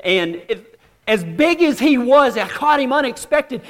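A man preaching a storytelling sermon, folksy and self-deprecating, with dramatic pauses. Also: extremely high pitch, expressive, a bit bright. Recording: long hall reverb.

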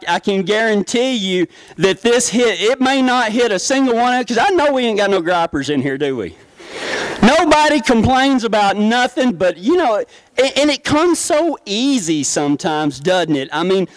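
Middle-aged West Texas preacher, down-home joking delivery, high-pitched voice, dry recording. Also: male voice, lively intonation, moderate pace, no echo, low-quality recording. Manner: storytelling, down-home, joking with congregation. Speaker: pastor. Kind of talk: folksy sermon.

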